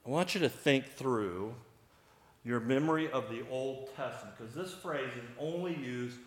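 A man preaching a sermon, animated, acting out the voices of the people in the story. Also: medium pitch, normal speed, roomy sound. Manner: animated, acts out voices of biblical figures.

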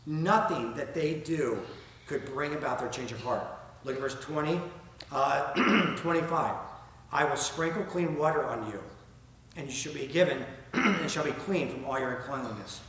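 A man's voice: on the high side, moderate pace, fairly bright tone. A man with a Southern accent preaching a sermon, asking rhetorical questions and reading scripture aloud in an earnest way. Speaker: pastor. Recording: very echoey room, faint ambient noise.

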